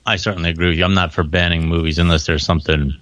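A man with a low voice co-hosts a casual podcast chat, mostly agreeing with his partner. He talks in a measured, easygoing way. The recording is close and dry. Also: level tone, fairly bright tone, no echo. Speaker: podcast co-host.

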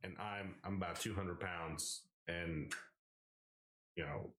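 A young man telling a rambling, profane story in casual podcast chat, peppering it with "like" and "right?" and shouting out the lines of the people in it. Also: low-pitched, fairly even intonation, slow. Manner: acts out quoted people in a raised, shouting voice. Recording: echoey room.

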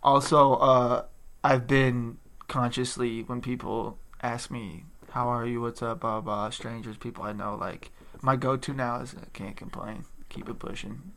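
A man's voice: medium pitch, fairly even intonation, measured pace, a bit bright, slight background noise. A man co-hosting a podcast in casual chat, laid-back and self-mocking, swearing freely. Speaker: podcast co-host.

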